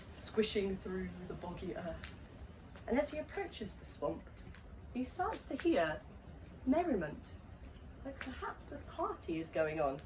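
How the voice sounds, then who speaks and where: A woman telling a story aloud at a live gathering, unhurried and often laughing mid-sentence, in a live recording from a distance. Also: medium pitch, background noise.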